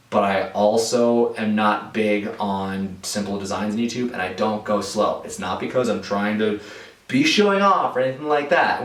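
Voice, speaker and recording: A fairly low-voiced man talking through viewer questions in a casual vlog, rambling with many fillers and restarts. His voice rings in an echoey room and sits some distance from the mic. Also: a bit bright. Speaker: balloon artist answering viewer questions.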